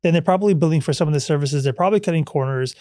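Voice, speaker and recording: A man hosting a podcast interview, asking quick follow-up questions in a conversational way. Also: on the high side, mellow, dry recording, clean studio sound.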